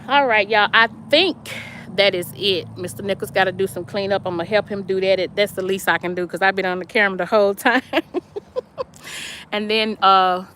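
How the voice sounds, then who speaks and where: A woman's voice: medium pitch, fairly quick, bright, forceful tone, a little hiss or hum. Lady chatting on a phone live from the yard, laughs a lot, reads out comments. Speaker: vlog host. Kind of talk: casual live-stream chat. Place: outdoors in a yard.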